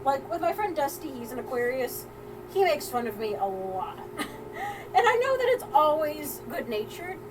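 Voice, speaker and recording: This is a woman with a high, bright-toned speaking voice, telling a family anecdote during a live crafting stream. She rambles casually and doubles back on her words. She laughs easily as she goes. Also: sing-song, moderate pace, noisy background. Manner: chatty and rambling, with frequent laughs and restarts. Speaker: soapmaker hosting a live stream. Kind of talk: casual storytelling while crafting.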